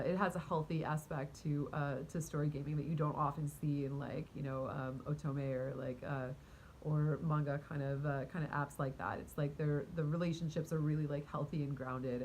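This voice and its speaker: A woman who vlogs and works as a spiritual coach tells a casual story to the camera in a lowish voice, rambling and animated, with many fillers, restarts, and laughs. Mid-story she talks to her cat. The audio is poor, with a faint rumble behind her.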